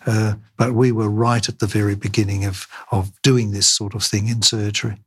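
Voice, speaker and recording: An older surgeon speaks in an interview, his voice low and a little husky. He talks haltingly, filling gaps with "uh" and "um" and restarting his sentences as he recalls his work. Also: flat delivery, a bit bright. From Australia. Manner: halting, many fillers and restarts. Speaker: craniofacial surgeon.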